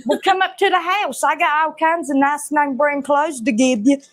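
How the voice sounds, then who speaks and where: A woman's voice: high-pitched, normal speed, close to an everyday voice. A woman with a Southern US accent playing a chatty, gossiping store greeter in a comedy sketch, with a blunt drawling delivery. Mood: sassy.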